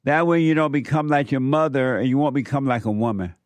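A man hosting a call-in show, giving advice to a caller in a slow, emphatic way and repeating his points. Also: mid-range voice, steady tone, dry recording.

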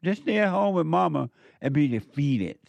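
A man hosts a call-in show. His voice sits a bit high for a man and he lectures emphatically, repeating his points. The sound is dry and close. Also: sing-song, moderate pace, vocal fry, a little mellow, no echo, dull audio. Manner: preachy, emphatic, repeats phrases. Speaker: radio talk show host. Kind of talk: call-in radio talk.

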